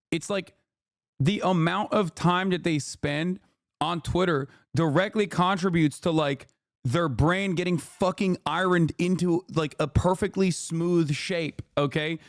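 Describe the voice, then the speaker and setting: Man, high voice, dry close sound, profane exasperated streamer rant. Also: measured pace, dry recording. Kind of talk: livestream reaction rant.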